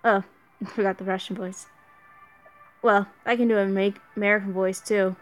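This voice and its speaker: A woman's voice: medium pitch, steady tone, moderate pace, faint music behind. A young woman streaming a mobile game, chatting casually and answering her viewers. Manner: chatty, reads viewer chat aloud. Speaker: let's play streamer.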